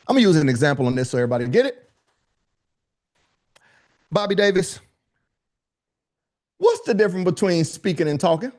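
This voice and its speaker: A man teaching a live online speaking workshop, with lively, colloquial, high-energy delivery, calling on attendees by name. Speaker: speaking coach.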